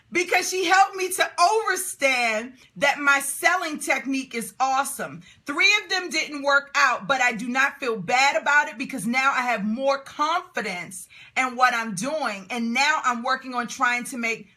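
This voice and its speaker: With a high voice that sounds pushed and bright, a woman runs a live call for business owners, whooping and cheering exuberantly over the comments she reads and firing off questions in quick succession.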